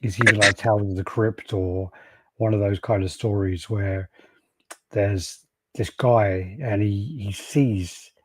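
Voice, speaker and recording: A man's voice: lowish voice, fairly even intonation, slow pace, no echo. A man hosting a casual podcast, rambling through stories, acting out quotes and swearing freely. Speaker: podcast host. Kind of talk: casual chat.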